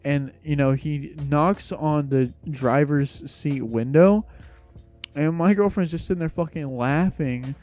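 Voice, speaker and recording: Young man, casual storytime, slangy and rambling, mellow dark voice, faint music behind. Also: fairly high pitch, unhurried. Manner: slangy, laid-back rambling.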